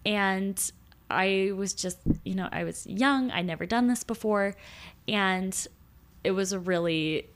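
A woman's voice: mid-range voice, slow pace. Earnest woman co-host, casual chat. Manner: warm, earnest storytelling. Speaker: podcast co-host.

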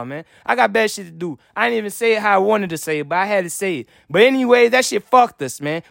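High gravelly voice, man ranting. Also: a bit bright, dry recording, studio quality. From Haiti. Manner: heated, blunt, swearing constantly, repeats himself. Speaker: vlogger. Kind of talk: profane political rant.

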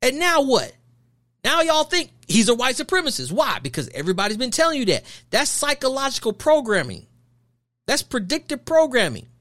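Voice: high-pitched, very animated, fairly quick, a bit bright. A podcast host delivering an emphatic, preachy opinion monologue full of rhetorical questions and repeated phrases.

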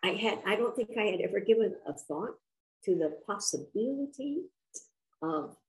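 An older woman, an author, telling a personal story in an interview in a reflective, earnest, unhurried way. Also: mid-range voice, lively intonation, poor audio.

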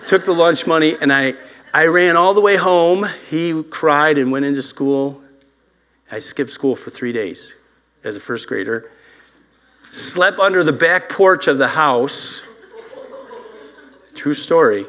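A man's voice: mid-range voice, a little slow, fairly bright tone. An older man preaching a sermon as pastor, mixing personal stories with scripture and acting out voices in quotes. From upstate New York. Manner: storytelling, acts out voices in quotes.

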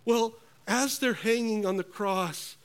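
Man preaching slow and earnest, kinda high voice, goes quiet for effect. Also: clean tone. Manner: slow, earnest preaching with dramatic hushed drops. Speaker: pastor. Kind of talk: sermon.

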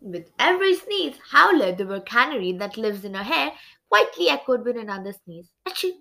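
A young woman reading a children's chapter book aloud in an animated, expressive way. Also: a little high, normal speed, creaky. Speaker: storybook reader.

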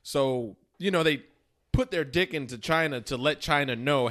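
A man's voice: fairly high pitch, moderate pace, fairly bright tone. A man who is a podcast guest, insistently lecturing and talking over the others in casual banter.

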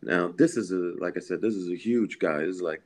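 Deep-voiced man telling a story earnestly. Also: fairly quick. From Philadelphia, USA. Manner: earnest, animated storyteller, chuckles between lines, repeats words. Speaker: guest musician. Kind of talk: personal storytelling in a podcast interview. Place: at home.

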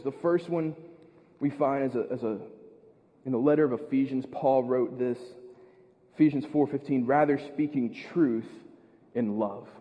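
An American man preaching a sermon as pastor, earnest, repeating words and building to loud emphasis. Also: medium pitch, in a large hall, dull audio. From United States. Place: church.

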